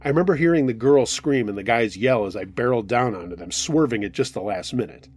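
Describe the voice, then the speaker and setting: A man narrating true scary stories from listeners in the first person, in a steady storytelling way. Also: mid-range voice, quick pace, husky.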